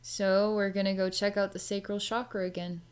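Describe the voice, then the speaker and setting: A woman's voice: medium pitch, little pitch movement, normal speed, darkish tone, smooth. A woman psychic talking her way through a reading in a loose, rambling way, full of likes and ums. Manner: chatty, rambling, many filler words. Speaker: psychic reader. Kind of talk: casual spoken psychic session.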